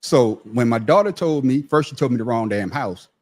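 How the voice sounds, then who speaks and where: A man's voice: medium pitch, lively intonation, normal speed, a little mellow. A middle-aged man on a podcast panel telling a story in casual chat, profane and emphatic, repeating his words as he starts a thought.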